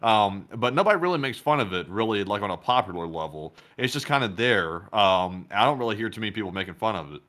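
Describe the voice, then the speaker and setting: Southern guy talking fast on a stream, lowish bright voice, lots of um and like. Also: lively intonation. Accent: Southern American. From Alabama. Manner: quick, rambling, with frequent fillers. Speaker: co-host. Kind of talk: casual livestream chat.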